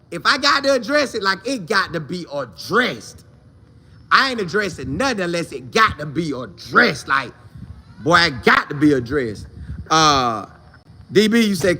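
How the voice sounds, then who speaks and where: A man hosting a sports talk show, chatting casually and answering viewer comments in a slangy, repetitive, animated way. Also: sits high.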